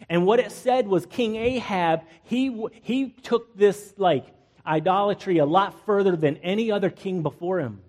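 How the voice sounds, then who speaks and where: A male pastor with a fairly high voice delivers a relaxed, conversational sermon. He jokes with his listeners and acts out the people in the story as he goes. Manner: acts out biblical characters in playful asides, jokes with the congregation.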